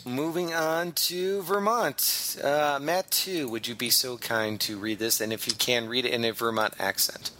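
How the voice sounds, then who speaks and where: A man's voice: mid-range voice, moderate pace, few pauses, bright, forceful tone, slight background noise. Laid-back man hosting a comedy podcast. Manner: laid-back, leads the segments, laughs often. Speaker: podcast host. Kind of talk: casual comedy podcast chat. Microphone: remote call mic.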